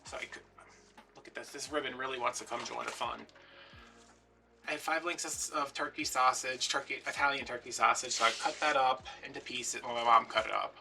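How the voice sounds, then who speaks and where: A young man who hosts a craft video and tells a rambling story in casual chat, putting on higher voices for the people he quotes. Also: fairly even intonation, a little fast, vocal fry, recorded from a distance, noisy background.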